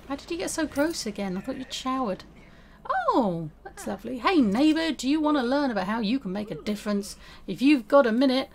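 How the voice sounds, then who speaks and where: A woman's voice: on the high side, gravelly, slight background noise. Chatty woman narrating a game. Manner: chatty, talks to her game character. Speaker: gaming video host. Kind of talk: casual let's-play commentary.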